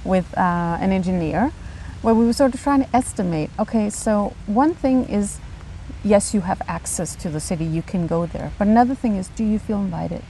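A Danish woman in her forties talks urban planning in a relaxed, mellow voice, animated and emphatic, laughing now and then. Her pitch sits in an ordinary middle range. A faint hiss of background noise runs under the recording. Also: normal speed, rough recording. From Denmark. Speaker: architect and urban planner, podcast guest. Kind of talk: casual conversation.

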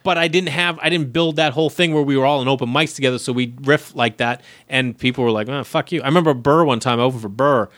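A comedian from tells his stories with energy, slipping into the voices of the people he quotes. His voice sits at a middling pitch and sounds dry and close to the mic, with no room around it. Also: fast talker, few pauses, dry recording. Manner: animated storyteller, acts out quoted voices, swears freely. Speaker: comedian guest. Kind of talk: casual storytelling chat.

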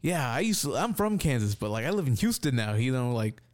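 A man's voice: mid-range voice, a little fast. A man telling a story in casual chat, swearing freely and acting out what people said. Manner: animated, swears a lot, acts out quotes.

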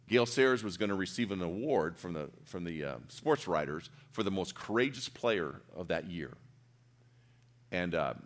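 A middle-aged man preaching a sermon, telling a personal story in an earnest, emotional way, dropping to near whispers and rising to loud peaks. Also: low voice.

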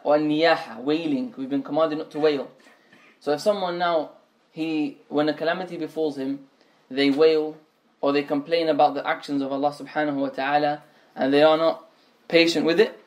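A man teaching a religious lesson, explaining points step by step, often restating phrases and mixing in Arabic terms. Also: fairly high pitch. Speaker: Islamic teacher.

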